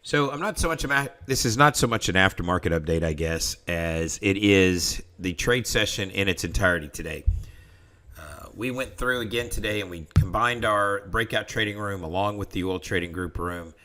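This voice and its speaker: A man's voice: low voice, moderate pace, sharp tone. A man hosting a live trading session, talking casually and rambling, often restarting his sentences. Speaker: trading room host. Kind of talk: casual live market commentary.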